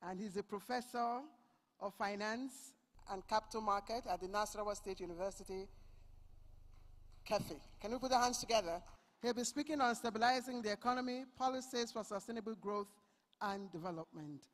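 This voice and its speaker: A conference moderator introducing the next speaker with lively, jokey remarks. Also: mid-range voice, a little fast. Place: large conference hall. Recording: long hall reverb.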